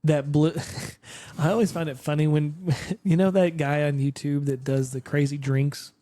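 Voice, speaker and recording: A man's voice: fairly high pitch, flat delivery, a little slow, mellow. A man co-hosting a casual podcast, chatty and laughing often. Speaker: podcast co-host. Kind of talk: casual chat.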